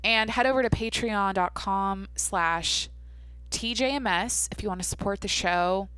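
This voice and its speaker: A woman's voice: mid-range voice, unhurried, fairly bright tone, clear, resonant tone, no echo. A young adult woman hosting a casual solo podcast, rambling and swearing casually as she talks to herself. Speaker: podcast host.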